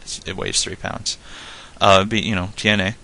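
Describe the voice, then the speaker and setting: A man teaching a casual spoken lesson, explaining in a relaxed, rambling way full of "like" and "you know.". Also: deep voice, a little slow, vocal fry. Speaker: Spanish tutor.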